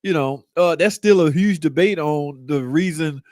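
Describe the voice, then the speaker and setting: A man's voice: a little high, moderate pace, a little mellow, dry recording, clean studio sound. Slangy joking car-channel host, man. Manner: loose, slangy, joking banter. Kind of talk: live comment Q&A stream.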